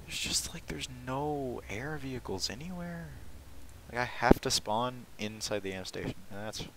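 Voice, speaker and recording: A man's voice: medium pitch, lively intonation, moderate pace, noisy background. A young man giving casual, sarcastic commentary while playing a shooter game, often exasperated and mocking himself. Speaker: gaming commentator.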